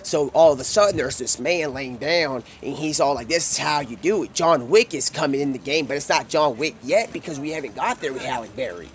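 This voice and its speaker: Rambling higher-voiced man spinning a tale. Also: brisk, hardly any pauses, a little hiss or hum. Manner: rambling, stream-of-consciousness, slangy and animated. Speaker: streamer. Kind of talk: rambling improvised storytelling.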